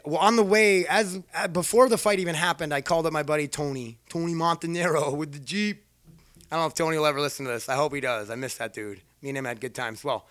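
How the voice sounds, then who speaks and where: A man's voice: fairly high pitch, sharp tone, no room sound, clean studio sound. A man casually telling a rambling personal story, swearing freely and poking fun at himself. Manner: profane, rambling, self-mocking.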